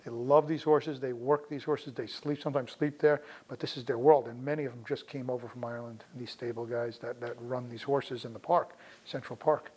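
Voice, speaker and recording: A middle-aged veterinarian from the New York area tells a personal story in a relaxed, conversational way. He acts out the lines of the people in it as he goes. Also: medium pitch, a little fast, low-quality recording. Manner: conversational, acts out quoted dialogue in the telling.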